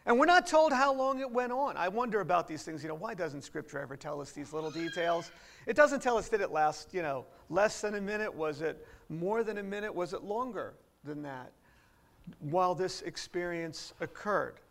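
A man with a rather high-pitched voice delivers a teaching sermon in church. His tone has a gravelly, fry-edged texture as he unpacks scripture piece by piece and poses rhetorical questions to his seated listeners. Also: animated, moderate pace, a bit bright. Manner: explains verse by verse, asks rhetorical questions. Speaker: pastor. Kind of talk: expository sermon. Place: church before a seated congregation.

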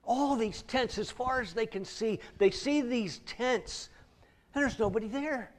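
A middle-aged man delivers a sermon in a very high-pitched voice at a measured pace. He tells the story vividly, repeats words frequently, and acts out voices.

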